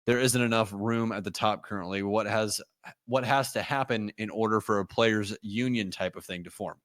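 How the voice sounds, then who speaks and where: A man's voice: on the low side, moderate pace, fairly bright tone, no room sound, studio quality. A man co-hosting a casual podcast, talking bluntly and heatedly with lots of swearing. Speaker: podcast co-host.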